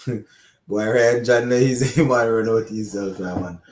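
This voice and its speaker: Excitable Caribbean cricket commentator, roomy sound. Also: male voice, on the low side, a little slow. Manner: excitable, laughs often, slips into local Creole. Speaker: cricket watch-along commentator. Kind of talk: live watch-along commentary.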